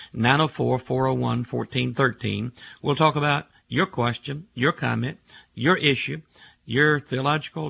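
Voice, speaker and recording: Gravelly older man preaching on radio. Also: medium pitch, fairly bright tone. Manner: emphatic, stacks words in rhythmic lists. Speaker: radio talk show host and preacher. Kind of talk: preaching call-in radio talk.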